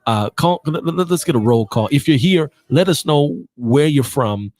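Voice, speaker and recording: A man hosting a live podcast stream, energetic and repetitive as he calls out to viewers. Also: a little high, moderate pace. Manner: exuberant, repeats himself, calls out to viewers. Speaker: podcast host.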